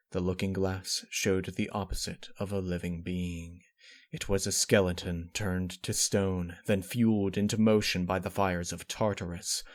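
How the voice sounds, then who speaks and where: A man reads a dark fan fiction story aloud. His voice sits somewhat low, and his delivery is steady and somber. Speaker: narrator.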